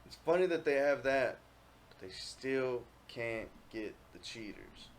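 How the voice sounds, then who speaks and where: A young man hosting a casual podcast chat, swearing freely and getting loud when he tells gaming stories. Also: medium pitch, measured pace. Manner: profane, animated storytelling, yells when quoting himself. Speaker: podcast host.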